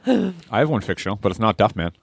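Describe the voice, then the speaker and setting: A man co-hosting a comedic podcast, joking with some hesitant pauses. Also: lowish voice, sing-song, gravelly, slightly rough. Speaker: podcast co-host. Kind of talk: casual comedic chat.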